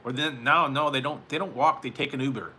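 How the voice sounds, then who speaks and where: A man from California hosts a live stream and chats loosely with his viewers, wandering from thought to thought and chuckling between remarks. His voice has a bright, sharp edge at an ordinary middle pitch. A faint hiss of noise sits under the recording. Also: fairly even intonation, brisk. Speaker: live-stream host reading chat. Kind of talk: casual chat with viewers.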